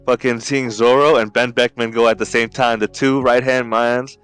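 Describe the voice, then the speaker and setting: A man co-hosting a podcast, chatting excitedly and casually with plenty of slang and swearing. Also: mid-range voice, moderate pace, clear, resonant tone, faint music behind. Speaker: podcast co-host.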